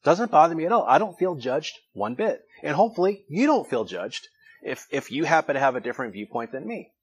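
A man's voice: on the high side, sing-song, fairly quick, slightly rough, lo-fi sound. A man preaching a sermon as pastor, teaching in a conversational, reflective way and rising now and then for emphasis.

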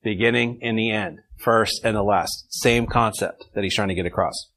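A man's voice: fairly low pitch, normal speed, a bit bright, poor audio. A man leading an informal Bible study, reading verses and taking questions from his group in a conversational way.

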